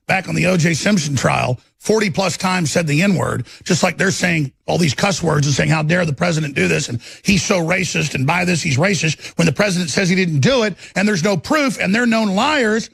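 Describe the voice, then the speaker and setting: Middle-aged male host with a raised, raspy voice, ranting furiously and repeating himself on a live broadcast. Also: sits high, animated, normal speed, a bit bright. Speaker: talk radio host. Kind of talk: angry political broadcast rant.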